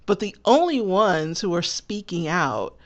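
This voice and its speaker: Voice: mid-range voice, sing-song, measured pace. A co-host in a casual anime discussion who laughs often and chimes in with wry remarks. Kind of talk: casual chat.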